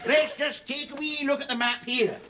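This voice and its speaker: An actor with a Scottish accent playing a boastful tourism presenter who delivers pun-filled patter in a hearty, declamatory way. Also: male voice, very high-pitched, fairly even intonation, normal speed, bright, forceful tone. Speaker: comedy sketch actor. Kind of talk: scripted comic monologue. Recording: hissy TV recording, audience laughter.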